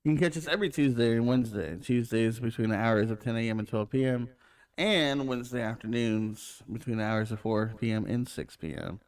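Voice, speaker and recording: A man's voice: mid-range voice, smooth, dry recording. Joking man co-hosting a podcast. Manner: joking, quick banter. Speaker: podcast co-host. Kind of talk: casual chat.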